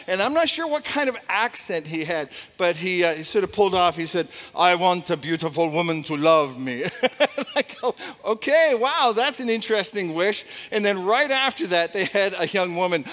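A male pastor with a high voice gives a Christmas Eve devotional to people watching online. He talks in a friendly way, chuckles now and then and repeats his key phrases. His voice rings with a long reverb, as if he is speaking in a large hall. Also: a bit bright.

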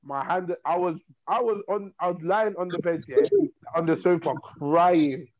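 A young man telling a long story in a rambling, animated way, repeating himself. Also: sits high, moderate pace, dull audio. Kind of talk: casual storytelling.

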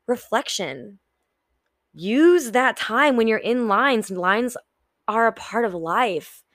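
A woman's voice: a little high, lively intonation, slow, fairly bright tone, no echo, clean studio sound. A young woman hosting a solo podcast, talking frankly and casually, swearing freely and acting out her own inner voice. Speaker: podcast host.

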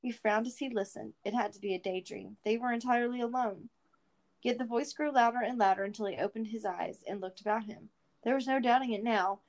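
A woman narrating a fantasy storybook aloud in an expressive, unhurried way. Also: on the high side, rough recording.

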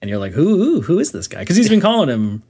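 A man's voice: fairly high pitch, wildly swooping pitch, quick pace, dark tone, slightly rough. A man in casual conversation, talking enthusiastically about a film with many fillers.

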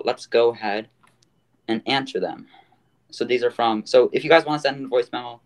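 A man hosting a casual podcast, rambling with many fillers. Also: on the low side. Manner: rambling, full of fillers and restarts. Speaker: podcast host.

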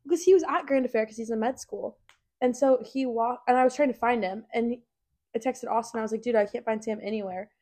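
A woman's voice: on the high side, fairly quick, warm tone. A young woman in her twenties co-hosting a podcast, telling stories in a chatty way with lots of fillers. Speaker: podcast co-host. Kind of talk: casual chat.

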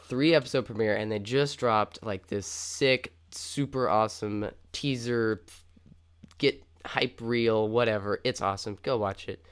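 A man's voice: lowish voice, a little slow, clear, resonant tone. A young man co-hosting a casual podcast, chatty and upbeat, rambling with lots of fillers. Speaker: podcast co-host.

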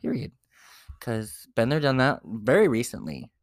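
A young man co-hosting a podcast, telling his dating stories in a blunt, profane, animated way. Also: medium pitch, moderate pace, no echo, clean studio sound. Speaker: podcast co-host. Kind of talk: casual chat.

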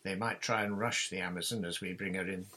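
A man reading a storybook aloud and voicing a boy ship captain who earnestly gives orders, with a husky voice. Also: low voice, steady tone, a little fast, bright, forceful tone, full character voice. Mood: commanding.

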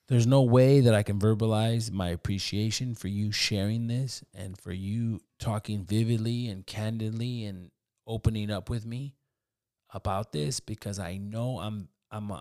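Low-voiced man, casual podcast host. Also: darkish tone, no echo, clean studio sound. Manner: casual, profane, earnest. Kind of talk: casual interview talk.

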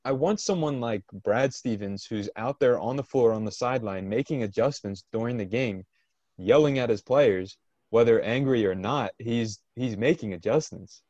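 A man co-hosting a casual sports talk show, frustrated and halting, with frequent restarts. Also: medium pitch, dark tone, dry recording, dull audio.

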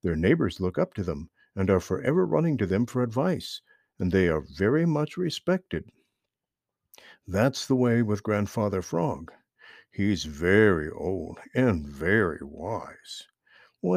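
A man reading a children's storybook aloud in an expressive, animated way. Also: lowish voice, a little slow, creaky, dry recording, clean studio sound.

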